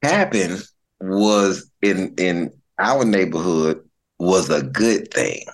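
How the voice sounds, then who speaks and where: A man's voice: low voice, expressive, takes it slowly. A middle-aged male comedian telling stories in casual chat, slangy, repeating words and laughing often. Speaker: comedian guest.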